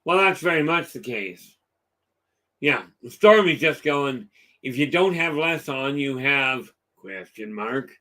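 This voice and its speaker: Chatting casually with his live stream viewers, this middle-aged host tells meandering stories full of fillers. He talks slowly in a mid-range voice with lively intonation and a bright, forceful tone.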